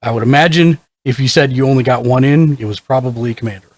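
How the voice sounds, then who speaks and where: A man's voice: medium pitch, fast talker, darkish tone. A man hosting a live game stream, upbeat as he greets viewers and reads chat aloud. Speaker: streamer host.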